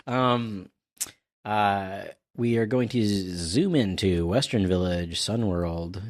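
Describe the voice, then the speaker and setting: A man's voice: lowish voice, slow pace, dry recording, clean studio sound. A man co-hosting a podcast, recapping a comic chapter in rambling casual chat full of fillers. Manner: rambling narration with many fillers and laughs. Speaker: podcast co-host.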